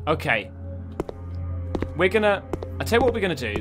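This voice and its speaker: In his horror game let's play, a gaming YouTuber talks to himself, jumpy and cursing, with spooky game music underneath. His voice is a little high and fairly bright, with big pitch swings, normal speed and long pauses.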